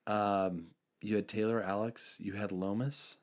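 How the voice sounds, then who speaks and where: Earnest low-voiced man telling stories. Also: fairly even intonation, a little slow. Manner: earnest storytelling, many fillers, trails off softly. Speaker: podcast host. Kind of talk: casual faith chat.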